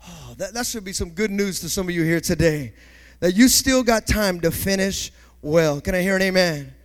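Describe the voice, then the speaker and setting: High-voiced pastor preaching emphatically. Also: male voice, lively intonation, moderate pace. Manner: emphatic preaching, builds to shouting with call-and-response. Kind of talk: sermon.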